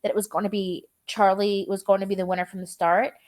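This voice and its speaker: A woman's voice: medium pitch, flat delivery, fast, a little mellow. A young woman teacher reading a chapter aloud to her students and explaining words in a casual, chatty way.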